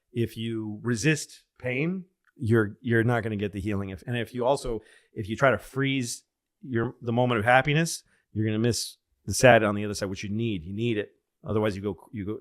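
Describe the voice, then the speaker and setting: A man co-hosting a comedy podcast in casual chat, rambling, losing his thread, and loudly acting out the people he quotes. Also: on the low side. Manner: rambling, loses his train of thought, acts out quotes loudly. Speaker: podcast co-host.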